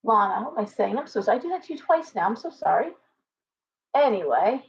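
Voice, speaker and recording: A woman's voice: on the high side, sing-song, quick pace. A middle-aged woman hosting a casual live stream, chatty and rambling, poking fun at herself. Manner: chatty, rambling, self-deprecating. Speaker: livestream host. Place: home shop with pets. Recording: dull lo-fi stream audio with faint noise.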